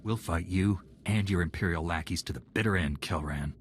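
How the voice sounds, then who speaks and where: An actor playing a brash, defiant young Jedi knight in a video game. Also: male voice, low voice, normal speed, faint music behind, natural voice. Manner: defiant and bold.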